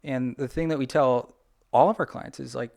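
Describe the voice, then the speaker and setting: Speaking at a moderate pace, a male lawyer appears as a podcast guest, his medium-pitched voice rough and creaky. He talks through points in a lively way, heavy on "like," asides, and acted-out quotes, sounding like a practical attorney offering frank advice.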